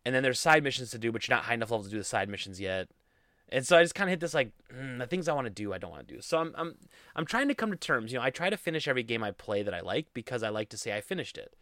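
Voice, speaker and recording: A man's voice: medium pitch, very animated, rapid-fire, pushed and bright, no room sound, studio quality. Goofy rambling man hosting a podcast. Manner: rambling, goofy, self-deprecating. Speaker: podcast host. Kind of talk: casual solo podcast rambling. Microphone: studio mic.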